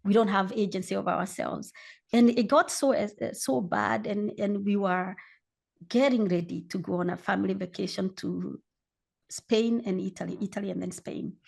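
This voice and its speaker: A woman in her forties from Kenya, a guest candidly telling her own story in an interview and acting out the shouting in her quotes. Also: medium pitch, moderate pace, gravelly.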